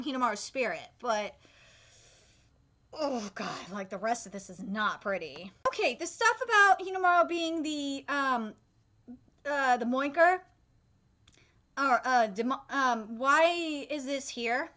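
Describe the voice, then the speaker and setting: A woman with a high, bright voice delivers a live reaction critique. She talks emphatically and swears freely. Her sentences break off and restart as she works through her frustration. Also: expressive. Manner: frequent swearing, halting restarts; exasperated and emphatic. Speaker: anime reaction host.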